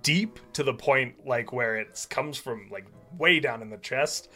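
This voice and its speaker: A relaxed man talks loosely as a game master on a podcast, rambling through his answers with plenty of "uh" and "like." His voice sits at an everyday middle pitch. Faint music plays behind him. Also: a little slow. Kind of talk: casual chat.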